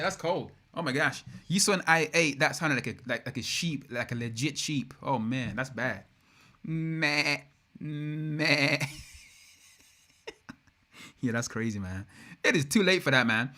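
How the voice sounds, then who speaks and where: An English man chatting live to his viewers, loose and rambling, full of slang and sudden bursts of excitement. His voice is bright and forward, with a lively edge that cuts through. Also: mid-range voice. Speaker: livestream host. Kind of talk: casual livestream chat.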